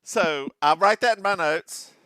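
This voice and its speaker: Male co-host, slightly high and bright, sarcastic and playful, dry close sound. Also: a little slow, smooth, dry recording. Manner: playful and sarcastic, with sudden jokey outbursts. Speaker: podcast co-host. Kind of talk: casual chat recapping a TV episode.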